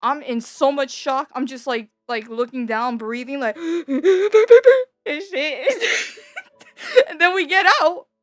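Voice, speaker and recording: A woman's voice: high voice, unhurried, a bit bright, no echo. A young woman telling a story in a casual chat, laughing often and acting out the scenes as she retells them. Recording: dry close mic, faint background music.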